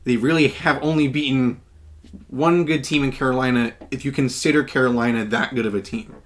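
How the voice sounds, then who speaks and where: A man's voice: mid-range voice, steady tone, a little fast. A man co-hosting a podcast, arguing his football picks confidently and listing his points. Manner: confident, argumentative, lists points. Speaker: podcast co-host. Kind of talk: casual sports chat.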